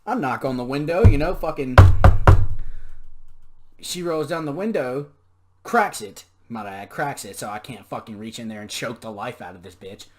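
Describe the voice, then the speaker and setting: Young man, casual storytelling, swears a lot, sarcastic, mid-pitched voice. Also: moderate pace, slight background noise. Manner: profane, sarcastic, ranting. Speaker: podcast storyteller.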